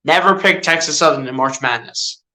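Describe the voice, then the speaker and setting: A man giving casual fan-style live play-by-play of a basketball game, chatty and excitable, often tossing in "dude". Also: a little high, moderate pace. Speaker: streamer doing live play-by-play.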